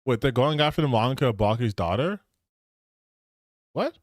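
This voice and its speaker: Sarcastic, animated man streaming. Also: mid-range voice, normal speed, dry recording, studio quality. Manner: sarcastic, incredulous, repeats himself for emphasis. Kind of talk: casual reaction commentary.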